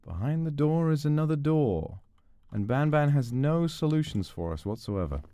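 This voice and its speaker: A male streamer giving animated gameplay commentary, swearing and yelling at the game. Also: a little high, normal speed.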